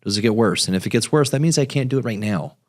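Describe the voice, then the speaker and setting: A man's voice: medium pitch, lively intonation, fast, darkish tone. A man co-hosting a physical therapy podcast, speaking reflectively in casual chat. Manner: reflective, with short encouraging backchannels.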